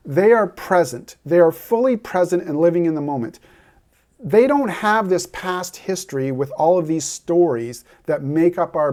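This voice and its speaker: A man's voice: high-pitched, a little mellow. A man speaking straight to the viewer as a heartbreak coach, earnest and persuasive, giving a motivational talk. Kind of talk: direct-to-camera motivational talk.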